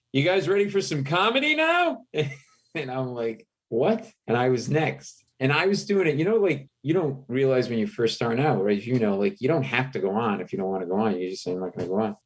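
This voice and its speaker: A middle-aged man, a comedian, telling an animated anecdote in a podcast interview, jumping into raised voices for the people in his story. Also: on the low side. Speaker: comedian guest.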